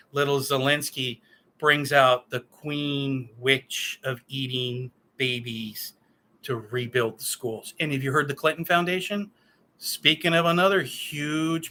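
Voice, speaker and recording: A man in his fifties delivers a solo political rant. He swears freely and turns sarcastic and heated, with a fairly high voice that cuts through with a hard, forceful edge. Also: slight background noise. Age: 50s. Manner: profane, sarcastic, heated ranting. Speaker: political commentator.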